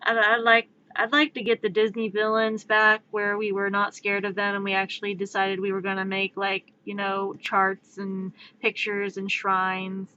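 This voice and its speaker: A woman streamer in casual rambling chat, ranting in an animated, exasperated way. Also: medium pitch, highs cut off.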